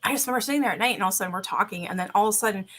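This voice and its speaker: A woman's voice: medium pitch, racing, fairly bright tone, slight background noise. A young woman telling ghost stories to her live chat in a rambling, casual way, full of fillers and restarts. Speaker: livestream host.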